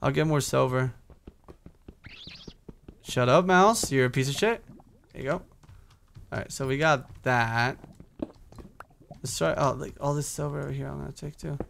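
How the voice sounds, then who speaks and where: With a creaky, somewhat bright medium-pitched voice, a young man pauses often while casually narrating his Minecraft gameplay at a moderate pace. This gaming YouTuber chats to himself, swears and hums, and there's slight background noise.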